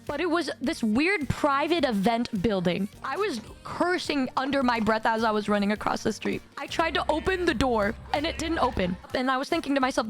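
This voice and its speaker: A woman streamer telling a comic story in an animated, dramatic way, with sudden leaps in pitch. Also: normal speed, faint music behind. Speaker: VTuber streamer.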